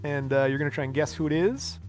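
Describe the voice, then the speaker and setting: Male podcast host, middle-aged, fairly high voice, playful and quick to joke, faint music under him. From Michigan. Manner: animated, jokey, loud announcer-style intro. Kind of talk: casual podcast chat.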